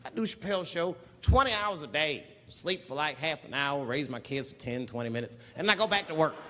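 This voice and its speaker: A man doing a stand-up comedy routine, telling loose stories and acting out characters with sudden shrieks and shouts. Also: fairly high pitch, lively intonation, brisk. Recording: live theater with crowd and long reverb. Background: audience laughter.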